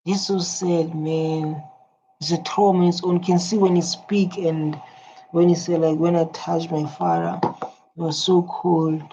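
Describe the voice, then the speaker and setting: Woman, earnest, repetitive, hums along, mellow tone, muffled recording. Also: lowish voice, flat delivery, a little slow. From South Africa. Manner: earnest, repeats herself, hums along while listening. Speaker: reaction video host. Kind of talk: emotional reaction commentary. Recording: dull lo-fi audio with faint noise.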